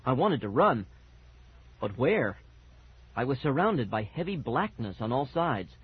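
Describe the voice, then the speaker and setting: A man's voice: mid-range voice, very animated, unhurried, husky. A man narrating a first-person scary children's story on audiobook, dramatic and building suspense, on a muffled cassette recording.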